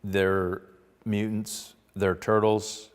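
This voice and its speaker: Rambling low-voiced man telling a tall tale. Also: level tone, drawn-out words, big-room sound. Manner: rambling, boastful, bursts into loud shouting quotes. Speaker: comic storyteller. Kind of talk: deadpan mock-documentary anecdote.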